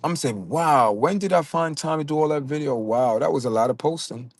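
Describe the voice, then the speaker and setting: A man's voice: on the high side, a little fast, dry recording. A man with a Jamaican accent hosting a casual livestream, talking straight to his chat viewers and often stammering and repeating words. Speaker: livestream host.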